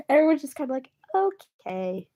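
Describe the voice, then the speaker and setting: A woman chatting casually on a livestream, addressing her viewers directly and breaking into giggles between sentences. Her voice sits a little on the high side, and her manner stays animated. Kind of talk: casual chat.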